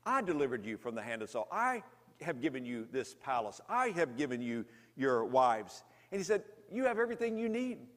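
In a sermon, a man tells a story with great drama, swelling to loud intensity and then sinking into slow, hushed lows. He is very animated, and the sound carries like a big room.

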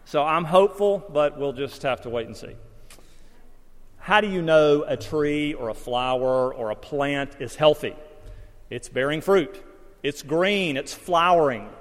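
A man's voice: a little high, a little slow, big-room sound. A man preaching a sermon as pastor, mixing folksy stories and self-deprecating humor with Bible teaching.

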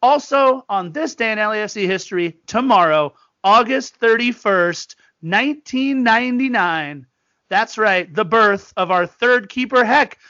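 A man co-hosting a casual sports podcast, telling stories with lively quoted voices. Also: high voice, measured pace, no echo, muffled recording. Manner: chatty storyteller, animated quoted voices. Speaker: podcast co-host.

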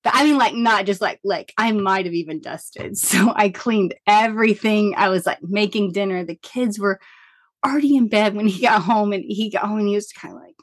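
A woman in her thirties, a counselor guest on a podcast, telling a personal story in a chatty, animated way full of fillers. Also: medium pitch, moderate pace, dry recording.

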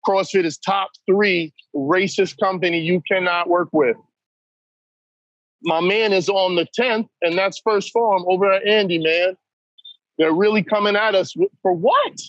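A man's voice: sits high, steady tone, measured pace, a bit bright, no echo, dull audio. A man talking as a podcast guest, blunt and emphatic, who keeps saying "man" as he talks. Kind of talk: candid conversation.

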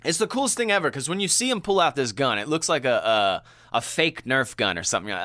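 A man co-hosting a casual movie chat, animated and quick to act out quotes. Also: no room sound, clean studio sound. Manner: animated, laughing, acts out quotes in a high voice. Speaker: podcast co-host.

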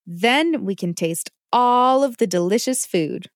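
A woman's voice: fairly high pitch, lively intonation, a little slow, dry recording, clean studio sound. A woman voicing a patient, caring mother who teaches her child kitchen safety. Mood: warm. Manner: patient and instructive. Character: gentle, safety-minded mother.

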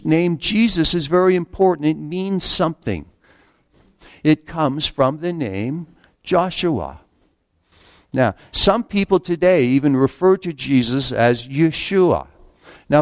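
A man preaching a sermon in an earnest way, slowing down to read scripture aloud and stumbling over the odd restart. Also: fairly high pitch, no room sound, clean studio sound.

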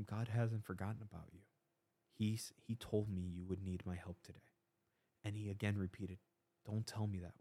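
Young man, very deep voice, earnest testimony, podcast host, retold dialogue. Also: a little mellow. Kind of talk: faith testimony storytelling.

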